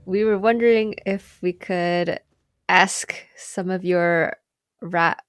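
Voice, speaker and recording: A woman's voice: fairly low pitch, fairly even intonation, takes it slowly, smooth, no room sound, soft background music. A woman playing a tabletop game in character, speaking carefully. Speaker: player.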